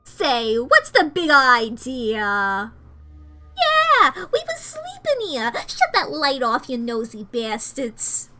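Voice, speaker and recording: A woman voicing a bunch of rude, grumpy bats woken from sleep, talking gruff street slang. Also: high voice, huge pitch swings, takes it slowly, sharp tone, faint music behind, heavily acted. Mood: annoyed.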